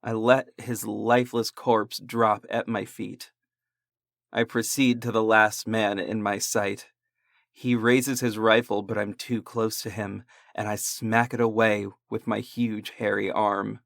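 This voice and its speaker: A man narrating a horror story in a slow, deliberate, dramatic way. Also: fairly low pitch, level tone, vocal fry, fairly bright tone, no echo, clean studio sound.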